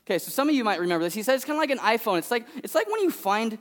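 A man's voice: extremely high pitch, rapid-fire. A man in his thirties from California, preaching as a guest speaker in a church and telling a family story in a loose, conversational way. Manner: animated and conversational, acts out his toddler's voice. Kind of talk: sermon with storytelling.

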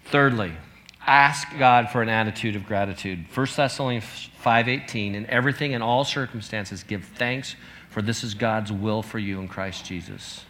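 A man's voice: on the low side, moderate pace, fairly bright tone, slight background noise. A pastor in his fifties gives an earnest, conversational sermon, reading out scripture as he goes.

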